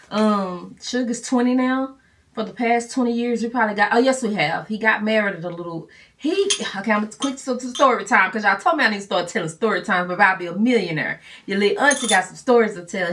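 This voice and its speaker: A woman's voice: medium pitch, a bit bright, distant mic. A woman, telling candid stories and laughing often in a long-winded Q&A chat. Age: 40s. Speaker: vlogger. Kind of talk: casual Q&A chat.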